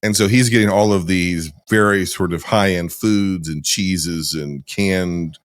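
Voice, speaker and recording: A man with a fairly low voice talks through a film scene in a loose, rambling way, restarting his sentences and swearing now and then. He sounds like a podcast host chatting casually, and the recording is dry and close. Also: steady tone, unhurried, dry recording.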